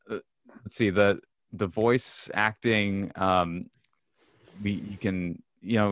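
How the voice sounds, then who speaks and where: Low-voiced man chatting about films. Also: a bit bright, no echo. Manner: halting, many fillers and restarts. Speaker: podcast co-host. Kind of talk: casual film discussion.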